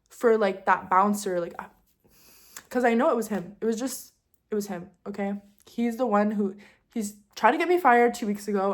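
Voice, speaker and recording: Young woman, casual storytime, fast chatty delivery, filler-heavy, heated venting, medium pitch. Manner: heated and animated when venting. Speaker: vlogger.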